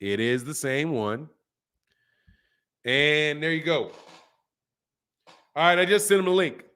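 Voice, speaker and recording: A man's voice: a little high, slow pace, pushed and bright, clean tone. A middle-aged man hosting a casual live stream, talking loosely in slang and reading viewer questions aloud. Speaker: host of a boxing channel live stream.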